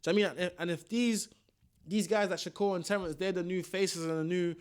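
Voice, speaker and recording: Young guy on a boxing vlog, slangy and ranting, slightly high-pitched voice. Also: fairly even intonation, quick pace, clean tone. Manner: slangy, ranting, repeats himself. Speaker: boxing vlogger. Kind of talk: casual commentary.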